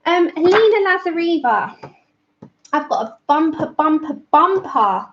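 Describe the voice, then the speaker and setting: A woman's voice: very high-pitched, expressive, measured pace, a little hiss or hum. A woman hosting a live colouring stream from home, chatty and apologetic, laughing often and greeting viewers by name while a little out of breath. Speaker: livestream colouring host. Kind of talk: casual live-stream chat. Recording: dull lo-fi stream audio.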